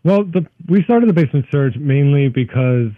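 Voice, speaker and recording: A man's voice: on the high side, animated, normal speed, no echo. An easygoing man with a Brooklyn accent chats as a guest about his podcast, swearing casually. The audio is muffled and lo-fi, and the sound is dry. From Brooklyn, New York. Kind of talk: casual chat.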